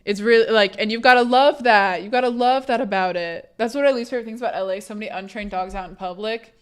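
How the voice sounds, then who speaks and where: A woman's voice: a little high, fast talker. A young woman livestreamer chatting casually to her viewers, swearing freely and restarting her sentences often. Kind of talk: casual chat to stream viewers.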